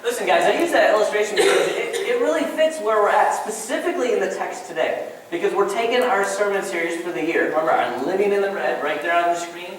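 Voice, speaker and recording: A pastor preaches in a relaxed, chatty way, joking with his congregation. His voice sits fairly high for a man. It is picked up from a distance in a very echoey church hall with faint room noise. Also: fast talker, few pauses. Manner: casual, chatty, self-deprecating, addresses the congregation as guys. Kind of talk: sermon with a joke story. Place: church sanctuary.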